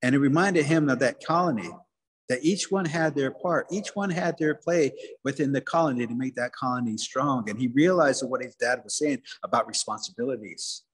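A man's voice: mid-range voice, moderate pace, husky, long reverb tail. A man telling a traditional folktale with rhythmic, repetitive phrasing. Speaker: storyteller, museum director.

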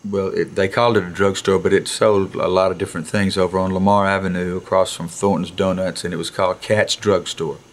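Man in his sixties, low voice. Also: a little fast, hardly any pauses, a little hiss or hum. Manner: animated storyteller who chuckles, acts out quotes and restarts sentences. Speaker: musician interview guest. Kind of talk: casual anecdotal storytelling. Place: recording studio.

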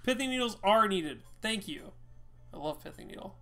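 A man giving casual, loud, teasing commentary while playing a card game with a friend, swearing now and then. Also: sits high, expressive, normal speed. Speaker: card game player and co-host.

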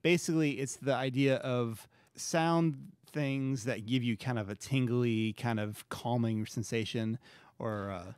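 A male podcast co-host chats casually, laughing often and searching for words. His voice sits at a middle pitch and sounds dry and close to the mic. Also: measured pace, darkish tone, smooth, dry recording. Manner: laughs easily, hesitant. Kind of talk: casual chat.

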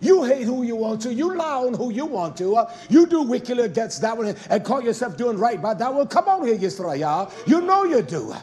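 Fiery high-voiced male preacher. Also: sing-song, fairly quick, hardly any pauses, darkish tone. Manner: confrontational, scolding, fond of rhetorical questions. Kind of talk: fiery sermon.

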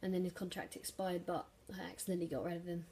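Excitable woman commentating her game. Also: lowish voice, fast, husky. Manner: excitable, swearing, erupts into shouts at big plays. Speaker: gaming commentator. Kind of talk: casual live game commentary.

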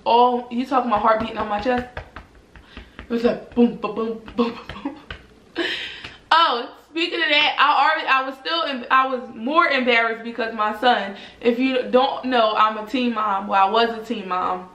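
A young woman vlogger telling a personal story to viewers in a casual, animated way, full of swearing and "y'all". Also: fairly high pitch, moderate pace. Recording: roomy echoey room.

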